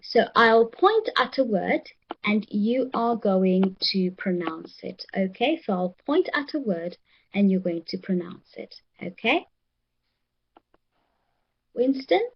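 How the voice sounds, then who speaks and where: A woman teaching an English pronunciation lesson, encouraging and repeating words slowly for the class. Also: mid-range voice, expressive, highs cut off.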